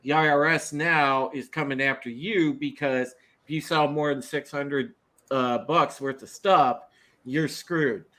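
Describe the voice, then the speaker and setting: A man's voice: on the high side, fairly even intonation, unhurried, bright, forceful tone. A man co-hosting a political podcast, talking casually with many fillers. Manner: rambling, many fillers and restarts. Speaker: co-host.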